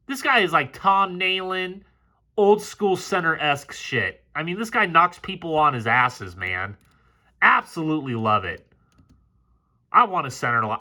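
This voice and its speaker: A man doing a football film breakdown, talking excitably and swearing freely as he gets fired up over the plays. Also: on the high side.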